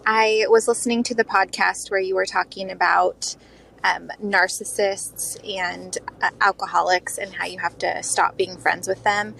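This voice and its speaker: Female voicemail caller, low and gravelly, hesitant, faint background hiss. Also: steady tone, unhurried, a bit bright, low-quality recording. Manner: hesitant, thoughtful, fillers. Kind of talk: voicemail question.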